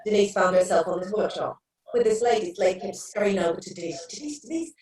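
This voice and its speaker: A woman's voice: medium pitch, steady tone, fast talker, darkish tone. Middle-aged woman chatting earnestly, far off the mic in a very echoey room. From England. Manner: earnest, storytelling, many restarts. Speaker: guest therapist. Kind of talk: casual interview chat.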